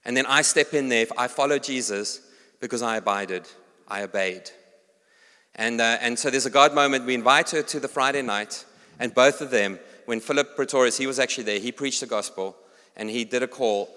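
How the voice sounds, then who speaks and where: South African preacher in a reverberant hall. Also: male voice, medium pitch, brisk. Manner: storytelling, animated, addresses congregation directly. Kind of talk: sermon with personal story.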